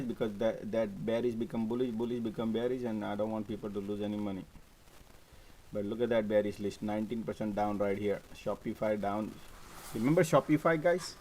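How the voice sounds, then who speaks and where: A man hosting a casual stock market live stream, animated and repetitive, often checking "right?" with his viewers. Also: lowish voice, a little hiss or hum, low-quality recording. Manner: animated, repeats words, frequent "right?" and "guys". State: coughing, choked up at times.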